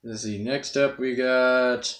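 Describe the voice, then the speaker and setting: A man's voice: medium pitch, fairly even intonation, slow, fairly bright tone. Laid-back man hosting in a roomy echo. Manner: laughing, self-amused. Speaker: host, voice impressionist. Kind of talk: casual chat.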